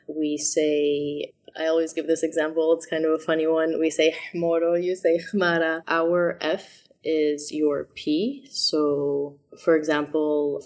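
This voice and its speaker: A woman's voice: sits low, darkish tone. A woman in her thirties, a guest in an interview, talking reflectively and explaining with examples. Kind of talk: conversational interview.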